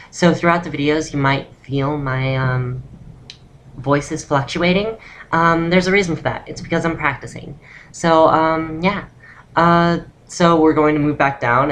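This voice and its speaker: A young woman giving a casual spoken voice-training tutorial, relaxed and rambling with lots of ums. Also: deep voice, slight background noise. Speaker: vlogger teaching voice training.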